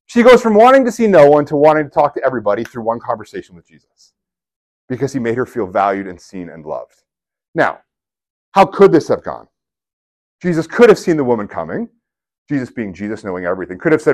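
Animated man preaching, lively pitch. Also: fairly quick. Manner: animated, conversational storytelling with asides. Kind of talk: sermon.

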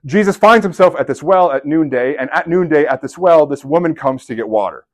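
Animated man preaching, lively pitch. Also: brisk. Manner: animated, conversational storytelling with asides. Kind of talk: sermon.

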